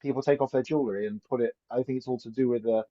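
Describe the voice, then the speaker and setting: A man's voice: mid-range voice, fairly even intonation, very fast, dark tone. A man teaching an informal Torah class as a rabbi, chatty and anecdotal, often asking "right?". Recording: dull lo-fi recording.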